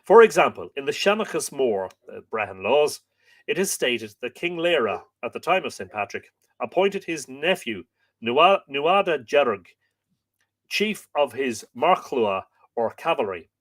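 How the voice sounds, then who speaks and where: A middle-aged Irish man reads from a history book on a live stream at a slow, careful pace. He breaks off now and then to spell out a word or answer his chat. His voice sits at an ordinary middle pitch. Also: sing-song, fairly bright tone. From Ireland. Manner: reads slowly, stops to chat with viewers and spell out words.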